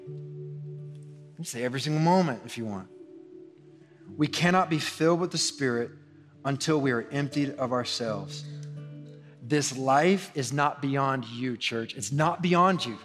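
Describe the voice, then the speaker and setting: Male pastor, earnest repetitive sermon, long hall reverb, soft guitar behind. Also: a little high. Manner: earnest, repetitive preaching that swells in intensity.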